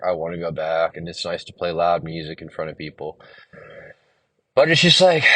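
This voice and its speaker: A man's voice: low voice, fairly bright tone, no echo. A man hosting a solo podcast, rambling casually and venting with a lot of swearing. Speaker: podcast host and musician.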